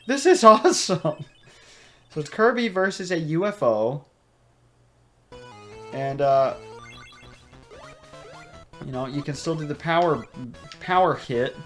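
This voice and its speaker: A man's voice: fairly high pitch, animated, takes it slowly, pauses often, faint music behind. A young man hosting a game playthrough, chatting casually and rambling off on tangents while he laughs often. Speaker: let's play host. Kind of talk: gameplay commentary. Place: home room.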